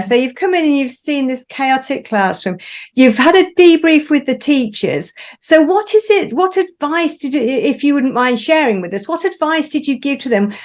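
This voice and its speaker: A woman hosting an interview, politely framing her questions and restarting them as she goes. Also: high-pitched. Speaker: interview host. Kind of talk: conversational interviewing.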